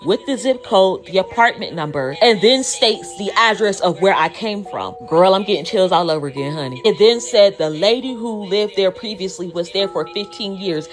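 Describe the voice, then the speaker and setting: A woman telling a personal story in a profane, animated, casual way. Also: medium pitch, moderate pace, hardly any pauses, faint music behind.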